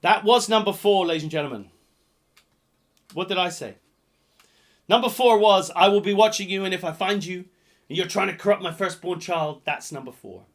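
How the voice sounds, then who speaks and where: A man hosting a live-streamed pub quiz, jokey and rambling, swinging between loud announcements and muttered asides. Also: high-pitched, normal speed, long pauses. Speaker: quiz host.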